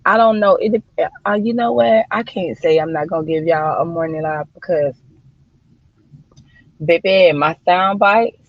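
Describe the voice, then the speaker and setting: A woman's voice: on the low side, a little slow, no room sound, highs cut off. Chatty, cussing woman livestreaming to viewers. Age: adult mother of daughters. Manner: chatty, swearing, addressing viewers as y'all and child. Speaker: livestream host. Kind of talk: casual livestream chat.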